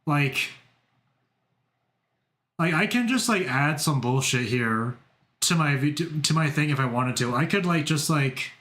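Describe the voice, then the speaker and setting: A young man streaming as a VTuber, casual and excitable, laughing and repeating himself as he talks. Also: a little high, unhurried, long pauses, roomy sound. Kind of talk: casual live-stream chat.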